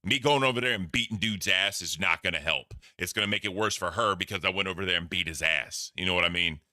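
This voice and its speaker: A man hosts a casual stream with a very deep but bright and clear voice. He rambles bluntly and swears freely as he reacts to clips. The sound is dry and close. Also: fast talker, dry recording. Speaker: host.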